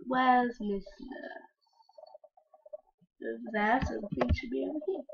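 Excitable bright-voiced woman gamer. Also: a little high, a little slow, slight background noise. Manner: chatty, breaks into sudden excited shouts. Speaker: gamer playing a video game. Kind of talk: let's-play game commentary. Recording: dull lo-fi mic.

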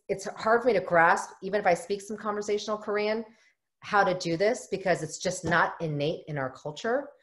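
Woman therapist teaching parents, lively. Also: lowish voice. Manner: lively, often acts out parent and child in quoted lines. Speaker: family therapist leading a parent workshop. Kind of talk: live online workshop talk.

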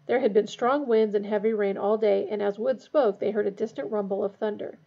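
A woman reading a storybook aloud in a steady, expressive way. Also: mid-range voice, fairly quick, vocal fry, few pauses. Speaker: reader. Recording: dull lo-fi recording.

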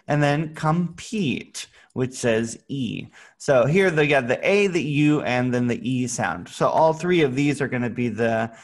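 A man gives an English lesson to young learners over a video call. He talks at a very unhurried pace, spelling out sounds with patience. Now and then he breaks into playful sound effects. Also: medium pitch. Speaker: English teacher. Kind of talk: online English lesson for children.

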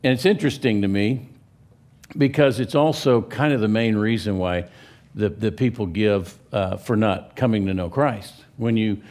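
A man with a Texan accent preaching a sermon in a church, telling stories in a folksy way and pausing to restart his phrases. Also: on the low side, a little mellow. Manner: folksy storyteller, pauses and restarts. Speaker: pastor. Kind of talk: sermon with a story. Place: church sanctuary.

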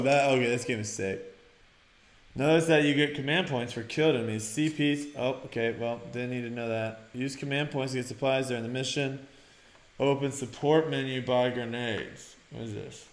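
A young man hosts a let's-play on his gaming channel, reading on-screen prompts aloud and erupting into loud, excited shouts. His voice is medium-pitched at a moderate pace, and his mouth is sore after dental work. The home recording sounds roomy, with game music behind him.

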